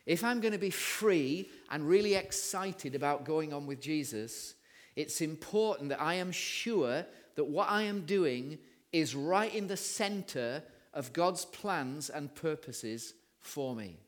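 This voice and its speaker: A man's voice: a little high, animated, slow. A man with an English accent giving a sermon, telling a story and reading scripture aloud. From England. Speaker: preacher.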